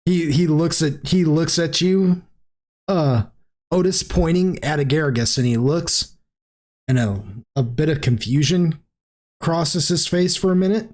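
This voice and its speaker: A man's voice: a little high, a little slow, a little mellow. A man acting as game master, narrating a tabletop game in a casual, rambling way. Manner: casual, rambling with many fillers.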